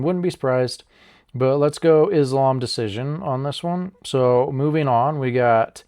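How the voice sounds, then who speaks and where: A man's voice: mid-range voice, dark tone. Profane, rambling American fight-vlog guy. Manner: rambling, profane, jokey, laughs at himself. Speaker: MMA channel host. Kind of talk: casual fight breakdown vlog.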